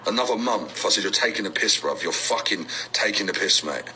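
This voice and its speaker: A man's voice: on the low side, expressive, brisk, bright, forceful tone, slight background noise, rough recording. A man ranting aggressively in a social media clip, slangy and threatening. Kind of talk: TikTok video rant.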